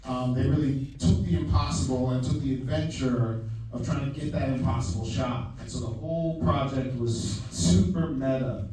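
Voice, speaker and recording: A man's voice: mid-range voice, moderate pace, few pauses. A man directing a film, talking loosely at a live Q&A with many fillers and restarts, laughing easily. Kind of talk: casual live Q&A talk. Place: large theater stage. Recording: far-off mic in an echoey theater with faint noise.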